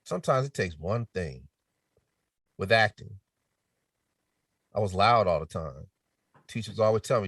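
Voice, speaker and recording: A low-pitched middle-aged man chats as a podcast guest. He tells his stories with energy and puts on the voices of people he quotes. At times he sinks to a near whisper. The sound is dry and picked up from a little way off the mic. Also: unhurried, long pauses, husky, no echo, far from the mic. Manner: animated storytelling with quoted voices, drops to a near whisper to demonstrate. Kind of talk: casual chat.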